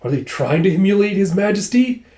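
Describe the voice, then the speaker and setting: A man's voice: sits high, very animated, a little fast, darkish tone, pitched above the performer's own voice. A man reading the lines of a stern military officer from a manga, in an echoey room. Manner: read plainly from a manga page.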